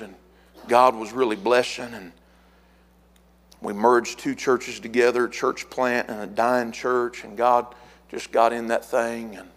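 A middle-aged man preaching a fiery sermon as pastor, building to shouted repeated words. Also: medium pitch.

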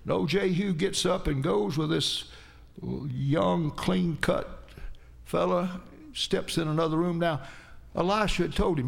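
A man's voice: sits high, moderate pace, creaky. A man preaching a sermon, retelling a Bible story in a folksy, dramatic way with frequent asides to his listeners.

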